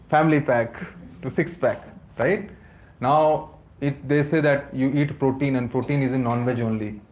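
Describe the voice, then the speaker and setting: A man with an Indian accent giving a lively lecture to a class, asking rhetorical questions and mixing English with Hindi. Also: mid-range voice. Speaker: course teacher at a temple.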